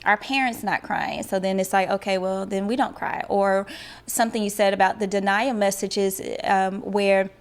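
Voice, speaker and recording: A woman's voice: medium pitch, fairly even intonation, moderate pace. A woman hosting a podcast interview, talking through ideas and affirming her guest often. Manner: affirming, frequent "mm-hmm" and "that's good". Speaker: podcast host. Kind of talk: conversational interview.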